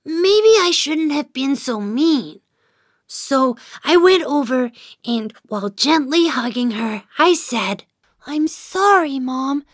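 A woman voicing a sleepy, patient young child who narrates a children's cartoon, in a gentle storytelling manner. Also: sits high, no room sound, studio quality.

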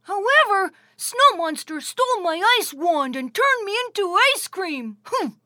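A proud little talking ice cream hero, voiced by a woman, who sounds chirpy and dramatic. Her voice is very high and bright, and she speaks in unhurried lines, recorded dry and close for a children's audio story. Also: sing-song, no echo, heavily acted. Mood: excited.

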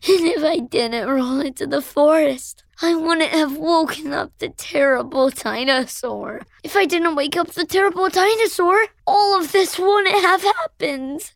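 A woman's voice: sits high, unhurried, few pauses, no room sound. A woman voicing a bad-tempered young male prince who whines and sulks in a storybook tale. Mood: fretful. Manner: whiny, sulky.

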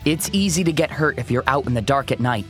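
Brief: a kind cartoon police dog giving safety advice, lively pitch. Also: female voice, fast, faint music behind. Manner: calm, instructive. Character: kind dog sheriff, patient and protective. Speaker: safety teacher.

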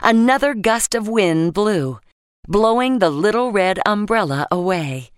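A woman narrating a children's bedtime story gently and expressively, voicing the sound effects. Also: medium pitch, animated, unhurried, very noisy.

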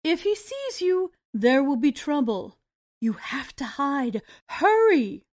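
A woman's voice: high voice, very animated, slow, darkish tone, no room sound, clean studio sound, heavily acted. Woman doing a kind old giant's wife. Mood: urgent. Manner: kindly, fussing.

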